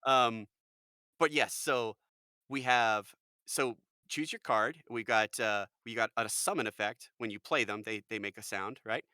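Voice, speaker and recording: An American man, a voice actor, chatting in a lively, jokey way as a podcast guest. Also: medium pitch, unhurried, smooth, no echo, studio quality. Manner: animated, jokey, full of fillers. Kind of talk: casual podcast chat.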